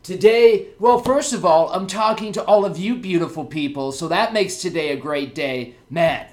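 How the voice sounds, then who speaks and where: A young man hosting a casual podcast to camera, energetic and jokey as he chats with his viewers. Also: fairly high pitch, moderate pace. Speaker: podcast host. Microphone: camera mic.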